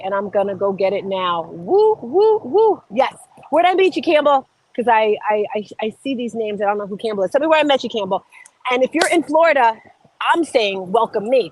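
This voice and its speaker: Chatty lady coach on a livestream, kinda high voice, greeting everyone by name. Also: rough recording. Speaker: life and fitness coach, show host. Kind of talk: casual livestream chat.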